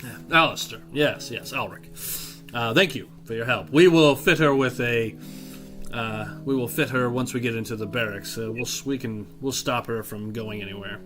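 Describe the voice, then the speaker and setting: A man voicing a stern male knight who speaks slowly and deliberately, with faint guitar music behind. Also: mid-range voice, fairly bright tone, close to an everyday voice. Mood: measured.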